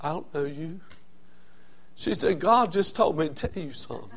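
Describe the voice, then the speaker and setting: A man preaching a sermon as a Baptist pastor, telling a story that swings from quiet and low to loud and raised. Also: lively intonation, normal speed.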